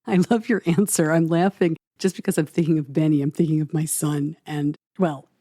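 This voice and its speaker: A woman hosting a podcast interview, friendly and quick to laugh. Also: deep voice, steady tone, dark tone, dry recording, studio quality. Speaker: podcast host. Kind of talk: conversational interview.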